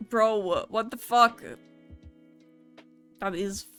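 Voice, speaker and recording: Brief: young woman streamer, casual and foul-mouthed, mid-range voice, soft music under her. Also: medium pitch, clear, resonant tone. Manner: casual, profane, quick to laugh. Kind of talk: casual live-stream chat, reading viewer messages.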